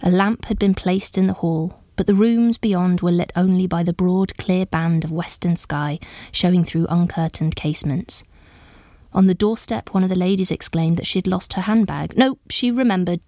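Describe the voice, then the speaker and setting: A woman with a fairly low voice reads a story aloud at a measured pace. The sound is close and dry with no room around it. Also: warm tone, no echo. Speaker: audiobook narrator. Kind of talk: scripted story narration.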